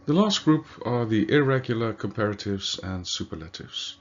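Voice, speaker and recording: A man, a native Dutch speaker, giving a slow, deliberate grammar lesson with occasional fillers and self-corrections. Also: fairly low pitch, animated. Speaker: language teacher. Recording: dull lo-fi recording.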